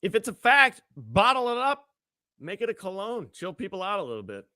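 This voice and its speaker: A man's voice: high-pitched, huge pitch swings, brisk, pushed and bright, no room sound, clean studio sound. A man co-hosting a radio show, teasing and asking blunt questions. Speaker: radio co-host. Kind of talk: morning radio banter.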